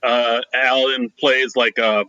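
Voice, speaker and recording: A man co-hosting a podcast, recapping movie plot in a relaxed, loose way with many fillers. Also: mid-range voice, slow, clear, resonant tone, dry recording, highs cut off. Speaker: podcast co-host. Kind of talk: casual movie discussion.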